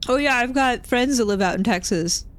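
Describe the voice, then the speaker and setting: Woman doing a nosy older handyman, rambling folksy chatter, slightly raised pitch. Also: animated, moderate pace, lightly acted. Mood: chatty. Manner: rambling, folksy small talk.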